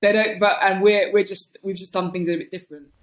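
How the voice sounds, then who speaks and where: A woman from North London with a London accent, a guest talking in a thoughtful, animated, casual way, laughing often and filling with um and like. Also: medium pitch, a little fast, slight background noise. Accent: London English. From North London, England. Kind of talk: casual conversational interview.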